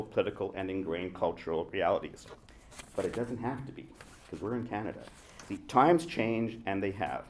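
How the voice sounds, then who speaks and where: Low-voiced man giving a reflective speech. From Indian subcontinent. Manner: reflective, builds points with rhetorical questions. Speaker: actor speaking on a festival panel. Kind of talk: prepared speech to an audience. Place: room with a live audience.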